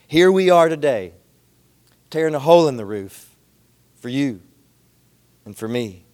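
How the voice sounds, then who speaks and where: A man's voice: fairly high pitch, a little mellow. A male pastor delivering a sermon in a rhythmic, repetitive preaching style, calling out to the congregation. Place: church service, also streamed online.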